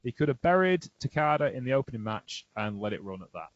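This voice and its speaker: A man hosting a casual wrestling podcast, chatty and animated, laughing often as he tells stories. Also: mid-range voice, quick pace, no room sound. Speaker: podcast host. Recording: dry, dull lo-fi sound.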